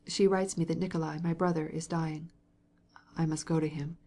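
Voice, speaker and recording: A woman's voice: deep voice, little pitch movement, moderate pace, dark tone. A woman reading an audiobook, voicing a stern, grieving young husband who speaks reproachfully.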